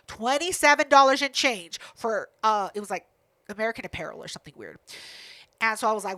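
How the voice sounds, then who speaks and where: Brash, high-voiced woman storyteller. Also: fast. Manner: brash, profane, animated retelling. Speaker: podcast co-host. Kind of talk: casual storytelling chat.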